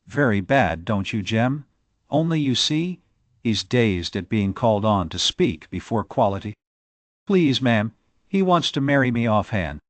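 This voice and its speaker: A man reading an audiobook, voicing an eager, bold young maidservant with rustic country speech and a quick, pleading manner. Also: medium pitch, big pitch swings, dry recording. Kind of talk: audiobook character voice.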